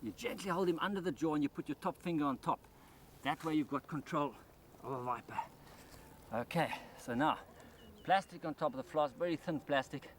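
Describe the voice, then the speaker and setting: A man's voice: fairly high pitch, fairly quick, slight background noise. A man presenting a wildlife documentary outdoors by rice paddies, explaining and exclaiming with enthusiasm.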